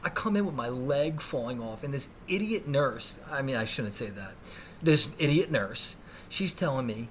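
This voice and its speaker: A man's voice: mid-range voice, moderate pace, a little hiss or hum. A man hosting a podcast, telling a story in a comic, profane way and shrieking when he acts out scenes. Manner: animated, swears a lot, shrieks when acting out scenes. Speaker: podcast host.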